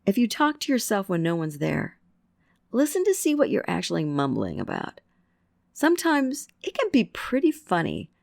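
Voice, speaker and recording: Woman, middle-aged, podcast host, casual self-help talk, gravelly edge, dry close sound. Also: no room sound. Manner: chatty and upbeat, acting out quoted self-talk with big pitch swings.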